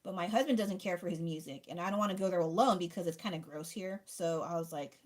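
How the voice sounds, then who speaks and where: Rambling woman with a lowish voice. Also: brisk, few pauses. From United States. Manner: chatty, rambling, self-interrupting. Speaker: art streamer. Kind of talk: casual rambling chat.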